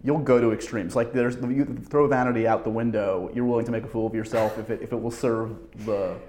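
A man's voice: medium pitch, fairly even intonation, a little fast, darkish tone, a little hiss or hum. A man hosting a casual interview, eager and stumbling over his words as he asks questions. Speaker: interviewer host.

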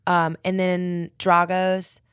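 A woman, a podcast guest talking earnestly and animatedly in rushes with fillers. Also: lowish voice, completely flat delivery, a bit bright, clean tone, dry recording, studio quality. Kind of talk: casual podcast conversation.

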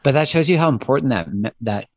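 A man hosting a podcast, speaking in an earnest, thoughtful way and often pausing to find his words. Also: medium pitch, lively intonation, dry recording. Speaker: podcast host. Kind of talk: casual podcast conversation.

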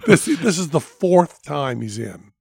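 A man hosting a podcast, telling a story with animated comic flair, profane and acting out both sides of a dialogue. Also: fairly high pitch, measured pace, gravelly, breathy edge, dry recording, studio quality. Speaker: podcast host.

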